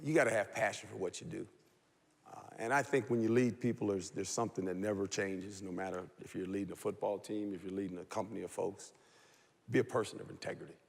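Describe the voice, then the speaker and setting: A man, a football coach, telling a lively story on a talk show and laughing as he goes. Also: lowish voice, quick pace, creaky, breathy edge. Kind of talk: animated anecdote on a TV talk show. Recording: long hall reverb.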